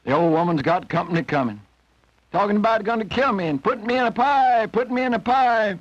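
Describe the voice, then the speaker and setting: A man voicing an excitable, fretful old rooster in a high squawking voice, from an old film soundtrack. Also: fairly quick, no room sound. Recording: dull old film soundtrack, faint music.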